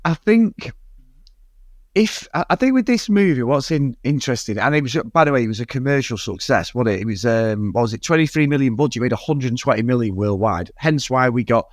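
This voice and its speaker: A man's voice: mid-range voice, lively intonation, brisk, no echo, studio quality. A man with a Mancunian accent co-hosting a casual podcast chat, ranting and swearing freely as he goes off on tangents. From Manchester area, England. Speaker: podcast co-host.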